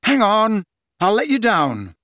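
In an audiobook, a man voices a defensive, flustered teenage schoolboy wizard, pitching above his own voice in a full character performance. The delivery is a little high, very animated, a little slow and a bit bright, with a dry, clean studio sound.

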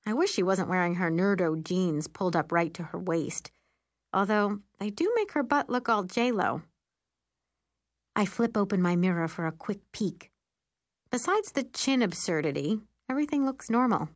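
A woman narrating an audiobook in first person as an excitable, meddling teenage girl with a wry, lively manner. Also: mid-range voice, dry recording, clean studio sound.

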